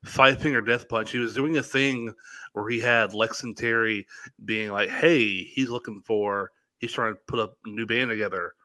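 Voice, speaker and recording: A man's voice: lowish voice, fairly even intonation, normal speed, pushed and bright, no room sound. A man co-hosting a casual podcast, easygoing and chatty. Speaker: podcast co-host. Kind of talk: casual chat.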